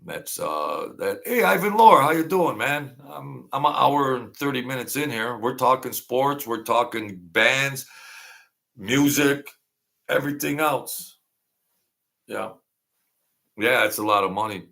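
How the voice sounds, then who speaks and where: Slow, gravelly man chatting on a livestream. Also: mid-range voice, bright, forceful tone. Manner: rambling, greets viewers by name and answers their comments. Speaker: livestream host. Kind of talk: casual livestream chat.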